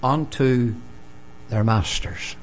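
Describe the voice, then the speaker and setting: Preaching emphatically, an older Northern Irish man alternates booming declarations with hushed, low passages. He draws out his words, and there's a slight hiss or hum in the recording.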